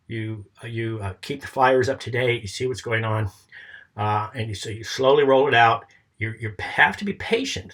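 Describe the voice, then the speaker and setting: Casual presenter, male, husky voice, rambling coaching delivery that keeps checking in. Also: mid-range voice, a bit bright. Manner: rambling and informal, often checks in with "okay?" and "all right?"; coaching, advice-giving tone. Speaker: presenter explaining a business plan. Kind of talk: casual walkthrough of a plan.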